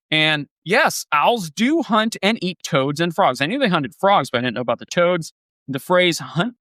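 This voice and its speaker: A man co-hosting a music podcast in casual chat, enthusiastic and quick to laugh, reading song lyrics aloud and musing on them. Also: a little high, fairly bright tone, dry recording. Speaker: podcast co-host.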